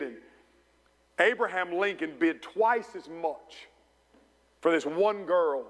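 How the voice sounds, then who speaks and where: A man preaching a sermon as pastor in a church, building to passionate peaks and dropping to hushed storytelling. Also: fairly high pitch. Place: church sanctuary. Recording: long church reverb.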